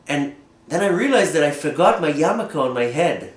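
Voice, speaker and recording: A rabbi telling a personal story in an animated way, often repeating and restarting his words. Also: a little high, brisk, echoey room. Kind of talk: storytelling talk.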